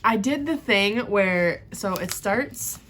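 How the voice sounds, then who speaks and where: A woman giving a casual reading vlog reaction, excitable and rambling, gasping and squealing at plot twists. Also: mid-range voice, takes it slowly, slight background noise. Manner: rambling recap with many fillers. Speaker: book vlogger.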